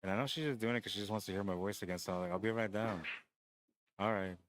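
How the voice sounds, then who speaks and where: A man with a deep, just-woke-up voice, rambling and joking as he runs a pool tournament stream and calls the shots, short on sleep. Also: racing, a bit bright. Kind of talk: casual live-stream commentary.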